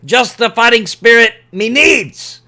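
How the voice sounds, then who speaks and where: A man voicing a loud, boastful male dwarf who runs a deadly sport. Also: extremely high pitch, expressive, slow, voice pushed up, full character voice. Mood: boisterous.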